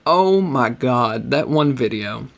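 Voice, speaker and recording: A man's voice: mid-range voice, animated, slow pace, vocal fry. A man co-hosting a podcast, telling stories in a loose, profane, rambling way. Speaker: podcast co-host. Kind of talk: casual chat.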